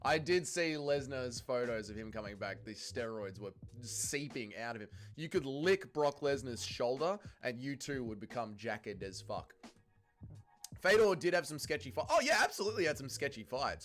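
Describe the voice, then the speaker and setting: Brief: crude, joking Australian guy hosting a livestream, animated delivery, faint music behind. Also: medium pitch, normal speed. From Melbourne, Australia. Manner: joking, crude, lively banter with chat. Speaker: livestream host. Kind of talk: casual livestream chat, reading viewer comments.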